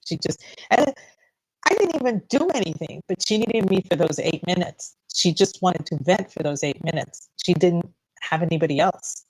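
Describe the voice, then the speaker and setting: Chatty woman in her fifties, low voice. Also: lively intonation, moderate pace, darkish tone, husky, no room sound, low-quality recording. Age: 50s. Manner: chatty, laughs often, blunt. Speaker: radio co-host. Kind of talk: casual radio chat. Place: radio studio.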